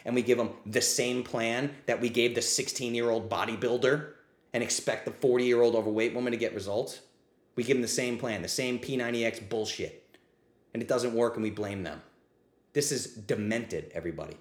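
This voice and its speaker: Man, livestream host, passionate ranting, blunt and profane, mid-pitched voice, echoey room. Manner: riled up, says he is getting heated. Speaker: podcast host answering live questions. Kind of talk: livestreamed ask-me-anything talk.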